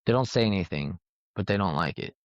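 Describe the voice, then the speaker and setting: A man's voice: sits low, animated, a little fast, dry recording. A man telling rambling, profane anecdotes in a casual podcast chat. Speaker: podcast host. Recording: dull lo-fi recording.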